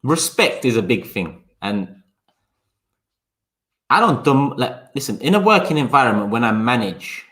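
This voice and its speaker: A man's voice: mid-range voice, big pitch swings, fairly bright tone. A man, hosting a casual live-stream chat, talking to viewers by name and slipping into sarcasm and swearing. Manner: sarcastic, talks fast in bursts. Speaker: livestream host.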